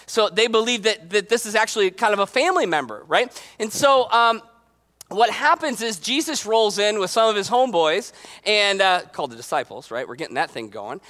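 A man preaching a casual, joking sermon in an animated, conversational way. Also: high voice, brisk. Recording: long hall reverb.

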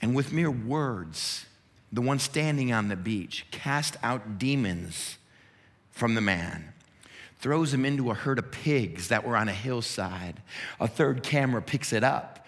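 A man's voice: mid-range voice, animated, takes it slowly, a bit bright, in a large hall. A man preaching a sermon, retelling a scene in vivid, dramatic detail. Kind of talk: sermon storytelling.

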